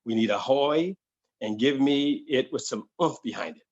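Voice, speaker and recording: A man's voice: medium pitch, normal speed, muffled recording, close to an everyday voice. A man doing a pushy restaurant manager. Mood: coaxing. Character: pushy male restaurant manager, middle-aged.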